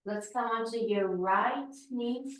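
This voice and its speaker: A woman yoga instructor giving slow, calm spoken cues through a class. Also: on the high side, recorded from a distance. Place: yoga studio. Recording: echoey room, voice from afar.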